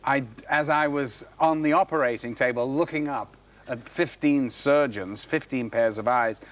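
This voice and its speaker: A man guesting on a chat show, speaking at an ordinary pitch. He answers in dry, wry asides. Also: normal speed. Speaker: guest actor.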